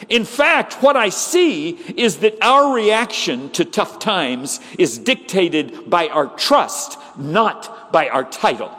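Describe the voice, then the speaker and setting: A man preaching a sermon as pastor, animated, swinging from loud, high exclamations to hushed, low passages. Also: slow, hardly any pauses, in a large hall.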